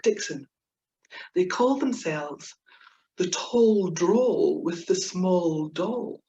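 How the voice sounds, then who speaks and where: Scottish woman presenting a talk; chatty, giggly, playful asides; low-ish voice; echoey, dull video-call sound. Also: a little mellow, slight background noise. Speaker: webinar speaker on Scots humour.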